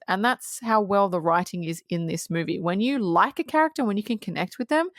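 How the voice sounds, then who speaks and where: A woman co-hosting a podcast, chatting casually about a film, animated and swearing freely with laughs between remarks. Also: mid-range voice, fast, few pauses, dry recording, clean studio sound. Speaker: podcast co-host. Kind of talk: casual film review chat.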